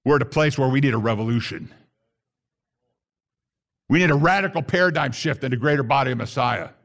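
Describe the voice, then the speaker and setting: A man preaching a sermon to a congregation, emphatic, with bursts that rise sharply in pitch. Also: expressive, a little fast, a bit bright. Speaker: pastor.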